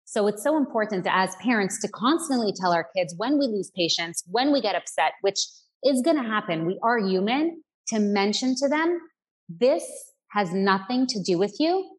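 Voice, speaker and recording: A woman with a middle-pitched voice explains ideas as a podcast guest. She lays out her points steadily, now and then voicing a parent's words. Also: expressive, moderate pace, poor audio. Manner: explanatory, acts out parents' phrases. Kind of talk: casual podcast conversation.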